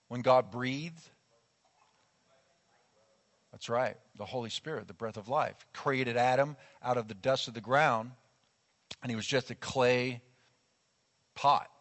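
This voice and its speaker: A male pastor preaching a sermon in a lively, conversational way, acting out quotes as he goes. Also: medium pitch. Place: church sanctuary. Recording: long church hall reverb.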